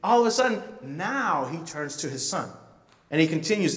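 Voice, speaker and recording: A man preaching a sermon, telling a story in an animated way with playful asides. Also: a little high, normal speed, distant mic. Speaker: pastor. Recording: reverberant hall from off-mic.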